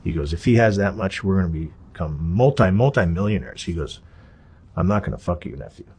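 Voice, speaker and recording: A middle-aged man with a husky voice, telling his story as an interview guest in an animated, profane, casual way. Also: low-pitched, brisk.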